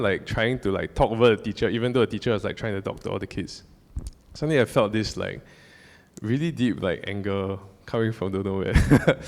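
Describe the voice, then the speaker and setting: A young man tells a personal story as a casual church talk, rambling with many fillers and restarts. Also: fairly low pitch. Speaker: church speaker. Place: church hall. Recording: long hall reverb.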